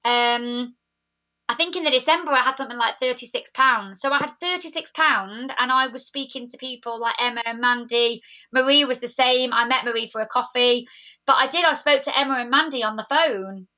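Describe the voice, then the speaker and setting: Woman, young, enthusiastic, chatty, bright voice, dull lo-fi recording. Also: fairly high pitch, a little fast. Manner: chatty, enthusiastic, laughs easily. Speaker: network marketing team leader. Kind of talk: live video chat reading viewer comments. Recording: dull lo-fi sound.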